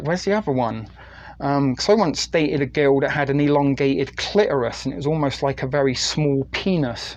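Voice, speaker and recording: A middle-aged British man from the UK hosting a crude, rambling late-night live stream on his phone and reading viewer chat aloud. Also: a little high. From United Kingdom.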